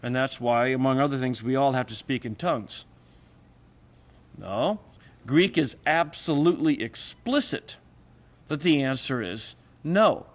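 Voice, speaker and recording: A man teaching Greek grammar in a lecture, explaining patiently and voicing the example questions he quotes. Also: a little slow. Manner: explanatory, acts out quoted questions with raised pitch. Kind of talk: recorded classroom lecture.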